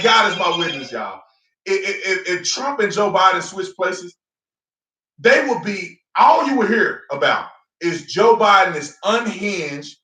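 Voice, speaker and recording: A man's voice: high voice, pushed and bright. A man giving mocking, fired-up political commentary in casual slang. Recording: echoey room, distant mic.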